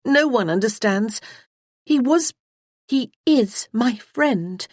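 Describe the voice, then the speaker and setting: A woman's voice: on the high side, expressive, takes it slowly, a little mellow, no room sound, studio quality, pitched above the performer's own voice. A woman voicing an earnest eighteen-year-old aristocratic girl in an audiobook.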